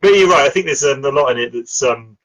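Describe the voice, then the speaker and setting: A man's voice: medium pitch, lively intonation, fast, fairly bright tone, poor audio. A middle-aged man, chatting casually about films as a podcast host, with lots of fillers and frequent laughs. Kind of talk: casual film chat.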